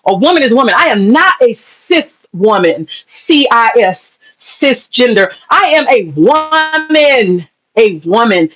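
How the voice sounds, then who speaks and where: Over a rough recording, a high-voiced woman addresses her viewers directly in a fiery opinion rant. She swears, stresses every point, repeats herself for emphasis, and admits she's getting upset.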